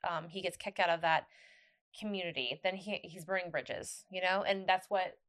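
A woman's voice: fairly low pitch, normal speed, a bit bright. A woman co-hosting a podcast, talking in a loose, rambling way with many restarts. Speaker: podcast co-host. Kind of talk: casual chat.

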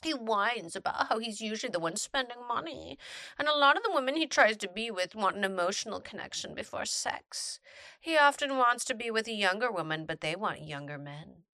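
A woman reads a personal story aloud with a bright, forward voice that swings up and down as she goes. She breaks off now and then for playful comments. The sound is close and dry, with no room around it. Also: fairly high pitch, a little fast, dry recording. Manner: animated, playful reactions between readings. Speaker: storytime narrator reading posts. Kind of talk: reading a post aloud with commentary.

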